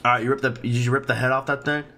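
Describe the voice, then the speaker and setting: A man's voice: mid-range voice, little pitch movement, very fast, sharp tone, slight background noise. A man giving casual, profane let's-play commentary and teasing the baby in the game. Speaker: gaming channel host.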